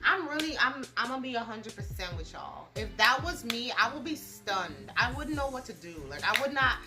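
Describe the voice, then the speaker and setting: A young woman chats through her makeup routine in a blunt, profanity-heavy, slang-filled way. Her voice sits a little on the high side. Music plays clearly underneath her. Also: big pitch swings, moderate pace. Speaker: beauty and gossip vlogger. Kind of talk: casual chat while doing makeup.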